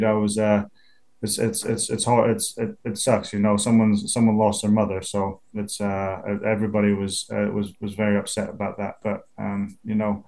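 A man's voice: on the low side, a little mellow. A man in his twenties with a Scottish accent, a football punter talking casually as an interview guest and often restarting his sentences. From Scotland. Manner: easygoing, restarts a lot, chuckles.

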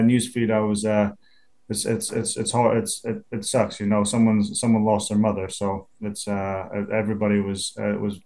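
A man's voice: mid-range voice, a little mellow. Laid-back young Scottish man. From Scotland. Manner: laid-back, chatty, laughs easily, many restarts. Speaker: pro football punter. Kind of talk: casual interview.

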